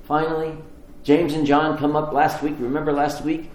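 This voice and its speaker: Animated male preacher in an echoey room. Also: fairly high pitch, normal speed, a little hiss or hum. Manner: animated storytelling, acting out voices in the story. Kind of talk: sermon. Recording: echoey room with faint ambience.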